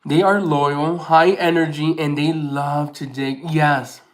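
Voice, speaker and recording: A man vlogging casually to camera, rambling with many restarts and fillers, softly sentimental in tone. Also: on the high side, steady tone, slow pace, low-quality recording.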